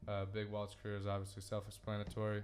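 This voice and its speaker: Hyped host dude talking fast, slangy, swears a bit, bit of noise behind. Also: male voice, lowish voice, monotone. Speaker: podcast host. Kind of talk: casual podcast chat.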